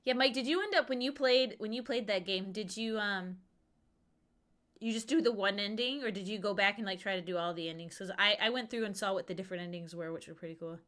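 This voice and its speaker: A woman's voice: medium pitch, fast, a bit bright. A woman in her thirties streaming a game, chatting casually and rambling playfully. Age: 30s. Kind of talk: casual livestream chat.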